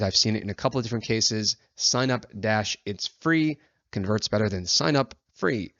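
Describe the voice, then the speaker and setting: A man with a fairly low voice talks through sales page tips in a loose, conversational way, dropping in fillers and acting out sample lines. The sound is dry and close, a little dull and muffled. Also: fairly bright tone, no echo. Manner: chatty, many fillers, acts out example lines. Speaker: agency founder teaching copywriting. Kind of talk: casual instructional talk.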